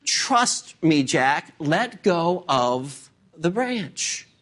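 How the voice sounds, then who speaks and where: A preacher voicing God in a sermon story, speaking slowly and softly in a lower voice. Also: very animated, exaggerated voice. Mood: calm. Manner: slow and gentle. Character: calm, patient voice of God.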